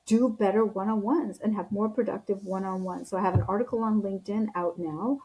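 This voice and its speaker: Earnest woman with a mellow voice. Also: medium pitch, fairly even intonation, a little fast, low-quality recording. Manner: earnest, encouraging, with frequent fillers and restarts. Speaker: leadership coach, podcast guest. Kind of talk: casual interview chat.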